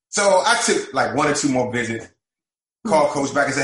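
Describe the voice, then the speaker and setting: A former college basketball player telling an animated story, acting out the quoted lines of the conversations he recalls. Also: mid-range voice, normal speed, echoey room, slight background noise, poor audio.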